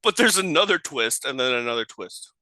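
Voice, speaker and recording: A man hosts a casual movie-watch podcast, and his bright, sharp voice moves lively up and down. He mostly gives short replies and laughs along. The sound is dry. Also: medium pitch, brisk, no room sound. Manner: brief, chuckling replies. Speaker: podcast host. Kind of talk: casual movie commentary chat.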